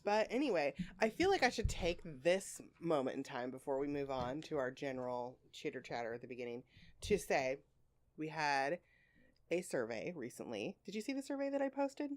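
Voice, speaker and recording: A woman's voice: low voice, sing-song, moderate pace. A woman co-hosting a podcast in casual chat, talking candidly and at length, swearing freely, with a sore throat. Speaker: podcast co-host.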